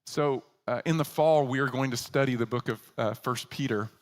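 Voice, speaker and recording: A male pastor delivering a sermon at a middle pitch. He tells the story in an animated way and slips into the voices of the characters he quotes. His delivery is conversational and earnest. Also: normal speed, long reverb tail.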